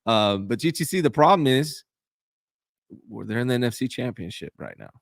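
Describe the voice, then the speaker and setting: A man's voice: very animated, normal speed, vocal fry, dry recording, studio quality. A man co-hosting a casual sports talk show, making emphatic points about team strengths. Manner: emphatic, analytical, drops to low mutters. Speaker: podcast co-host.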